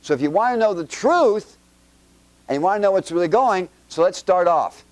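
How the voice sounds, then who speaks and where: A Bible teacher with a high-pitched, expressive, slightly mellow voice, recorded dry, quizzes a congregation with children through quick questions. His informal teaching is chatty and joking, built on homespun examples.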